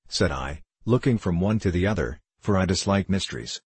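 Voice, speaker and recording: A man reading an audiobook in a measured storytelling way. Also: low voice, expressive, slightly rough, dry recording. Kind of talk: audiobook narration.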